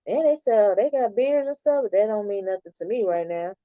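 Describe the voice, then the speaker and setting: Talking fairly quickly in a mid-range voice, a middle-aged livestream host chats and answers viewers' comments with animation. The dry recording is dull, somewhat lo-fi stream audio.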